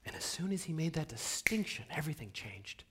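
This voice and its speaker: A man giving a motivational seminar talk to an audience, asking them questions and swinging from hushed whispers to loud, emphatic bursts. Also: on the high side, sing-song, brisk, background noise. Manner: addresses the audience directly with rhetorical questions. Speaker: motivational speaker.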